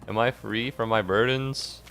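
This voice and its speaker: A man giving rambling, jokey commentary while streaming a game, breaking into squeaky outbursts. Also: steady tone, a little slow, a bit bright, soft background music. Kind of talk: casual gaming commentary.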